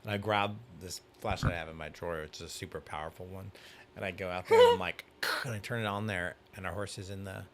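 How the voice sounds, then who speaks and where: A man in casual chat, telling an animated anecdote with acted-out quotes. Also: sits low, fast, a little hiss or hum.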